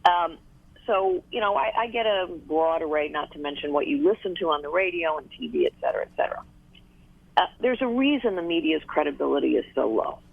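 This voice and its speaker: A woman guest on a talk radio call-in, making her points in numbered order in a measured way. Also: low voice, animated, creaky, no echo. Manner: measured, lists points one by one. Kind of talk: phone interview on talk radio. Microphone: telephone. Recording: tinny phone line.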